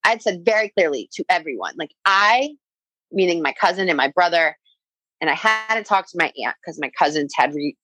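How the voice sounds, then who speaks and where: A woman's voice: on the low side, animated, brisk, pushed and bright, no echo, rough recording. A young adult woman telling a personal story in casual conversation, full of "like" fillers and quoting what others said.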